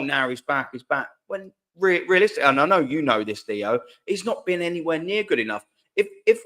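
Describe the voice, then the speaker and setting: A man's voice: on the high side, a bit bright. A young man hosting a live fan stream, chatting casually in slang and reading viewer comments aloud. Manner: laid-back, slangy, reads chat aloud.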